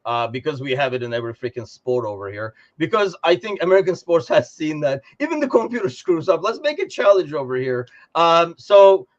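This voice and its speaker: A man from Turkey with a Turkish accent, hosting a casual talk show in an animated, swearing manner. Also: on the high side, a little fast, few pauses, lo-fi sound. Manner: swearing, laughing, animated storyteller. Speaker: host. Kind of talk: casual podcast chat.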